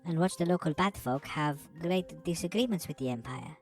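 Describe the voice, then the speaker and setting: A woman's voice: low-pitched, normal speed, a little mellow, faint music behind. A woman playing a rambling little ship cleaner. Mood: chatty. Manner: rambling, chatty, formal phrasing. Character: small earnest fussy ship cleaner. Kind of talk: tabletop role-play acting.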